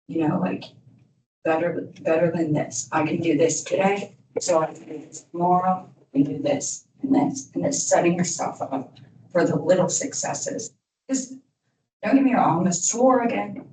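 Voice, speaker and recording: A woman's voice: lowish voice, mellow. A woman in her thirties giving a candid, rambling motivational talk to young people as an alumni speaker, full of "you know" asides. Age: 30s. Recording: echoey room from far off, faint noise.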